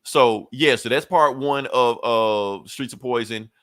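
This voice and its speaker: Podcast co-host, male, relaxed storyteller, voices quotes, dry close sound. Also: mid-range voice, measured pace, no room sound. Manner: loose storytelling, acts out quotes, laughs often. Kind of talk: casual comic recap.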